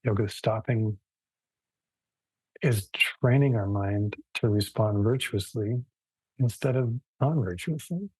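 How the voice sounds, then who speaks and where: A man with a husky, slightly breathy voice gives a casual live yoga lesson, thinking aloud as he goes. He speaks slowly, pausing and restarting his sentences. The sound is dry and close. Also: lowish voice, warm tone, no echo, poor audio. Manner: casual, thoughtful, many restarts and fillers. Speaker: yoga teacher. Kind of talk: relaxed live class lecture.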